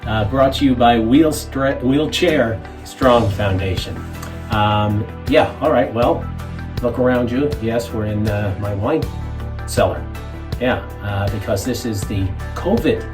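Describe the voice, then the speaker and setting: Guy rambling an intro in his wine cellar, guitar music playing. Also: mid-range voice. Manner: rambling, hesitant, joking. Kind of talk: casual intro to camera.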